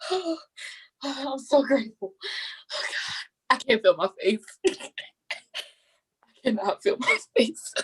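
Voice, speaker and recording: Young woman, tearful, breathless, high voice, acceptance speech, phone on video call. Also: very animated, slow pace, long pauses, a bit bright, breathy edge. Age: young adult. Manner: tearful, breathless, gushing thanks. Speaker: contest winner.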